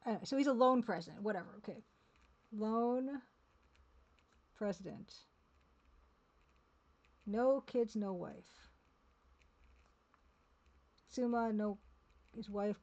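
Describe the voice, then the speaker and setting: A woman streaming a game live, talking casually and haltingly as she sounds out words one by one. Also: a little high, darkish tone, muffled recording.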